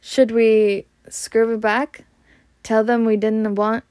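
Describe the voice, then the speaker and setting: A woman voicing a blustering, angry middle-aged uncle with a gruff manner. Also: a little high, flat delivery, takes it slowly, darkish tone, no room sound, clean studio sound.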